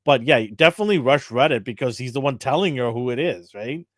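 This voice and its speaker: A chatty man co-hosting a relaxed show review, rambling through his thoughts and laughing often. His voice has a plain middle pitch. The recording is close and dry, with no room sound. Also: fast talker, no room sound. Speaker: co-host. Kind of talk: casual chat, show review.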